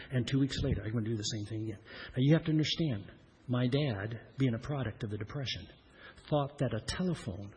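Very husky man preaching a story. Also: medium pitch. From Iowa, USA. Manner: earnest, repetitive storytelling that swells louder when emphatic. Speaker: pastor. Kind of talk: personal storytelling sermon.

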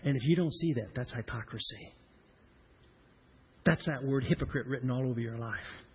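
A middle-aged man preaching a sermon, swinging between loud emphatic lines and hushed, slowed-down ones. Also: medium pitch, breathy edge, rough recording. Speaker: pastor.

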